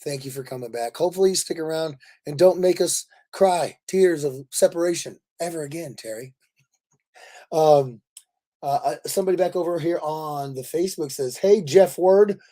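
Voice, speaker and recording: A man's voice: on the high side, moderate pace, dark tone. A man hosting a casual live stream, rambling with lots of fillers as he reads out viewer comments. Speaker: livestream host.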